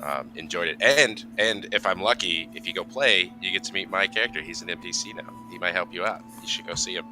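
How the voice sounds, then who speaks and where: Deep-voiced laid-back man player. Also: brisk, few pauses, pushed and bright, soft background music. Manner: laid-back, joking, brief remarks. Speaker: player on the show. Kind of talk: casual chat. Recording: noisy background.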